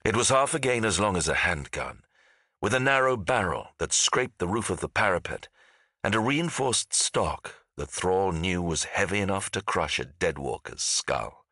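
A man with a very low yet bright, forceful voice narrates a fantasy audiobook in a measured, dramatic way. His pitch moves expressively through each sentence, and the recording is dry and close. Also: expressive, dry recording.

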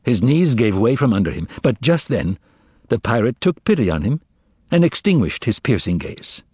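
Expressive male audiobook narrator. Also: mid-range voice, normal speed, breathy edge, dry recording, studio quality. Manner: expressive reading.

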